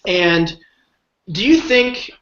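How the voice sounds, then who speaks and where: A man's voice: high voice, lively intonation, extremely slow, a bit bright. A man hosting a podcast interview, asking long, rambling questions with enthusiasm. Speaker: podcast host. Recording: roomy, dull lo-fi sound.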